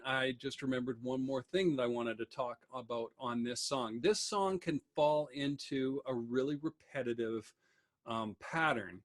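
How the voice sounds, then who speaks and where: A man casually explaining a bluegrass singing lesson, talking quickly with many ums over guitar. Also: medium pitch. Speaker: music teacher. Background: guitar playing.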